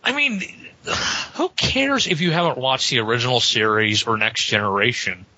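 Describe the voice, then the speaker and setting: A young man with a very bright, forceful voice and lively pitch, making earnest points in casual chat. The sound is dry and muffled. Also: moderate pace, dry recording.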